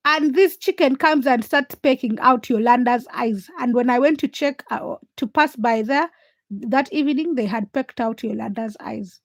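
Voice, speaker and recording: A woman from Uganda hosting a casual late-night livestream, telling stories in an animated way and reading viewer comments aloud. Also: fairly high pitch, normal speed, no echo. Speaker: livestream host.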